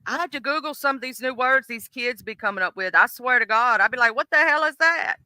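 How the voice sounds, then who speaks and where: Bright, chatty live-stream host woman. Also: fairly high pitch, fairly even intonation, fast, dry recording. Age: middle-aged. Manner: rambling, many fillers and restarts. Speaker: livestream host. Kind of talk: casual live-stream chat.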